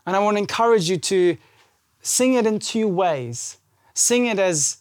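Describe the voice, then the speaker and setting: A pastor with a high-pitched voice preaches at a church service at a measured pace, delivering a conversational sermon with lots of animation. He acts out the dialogue from scripture passages. The recording is clean studio sound with no echo.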